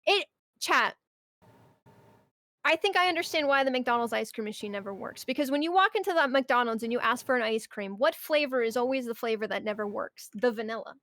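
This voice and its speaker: A woman's voice: a little high, animated, a little fast, fairly bright tone. A young woman streamer chatting casually and ranting about her job, swearing often and breaking into mock outbursts. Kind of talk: casual chat.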